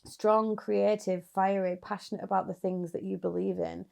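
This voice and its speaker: A woman's voice: mid-range voice, fairly even intonation, normal speed, gravelly, darkish tone. A woman giving a casual, chatty tarot reading straight to her viewers, encouraging and sometimes laughing. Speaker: tarot reader.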